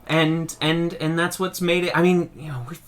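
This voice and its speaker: A man hosting a podcast, talking in animated, rambling casual chat with quick asides. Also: fairly high pitch. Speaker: podcast host.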